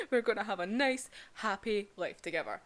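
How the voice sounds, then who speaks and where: A woman's voice: mid-range voice, sing-song, normal speed, fairly bright tone. A woman voicing a pure-hearted young hero. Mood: defiant. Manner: casual paraphrase, slangy. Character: pure-hearted young male demon slayer.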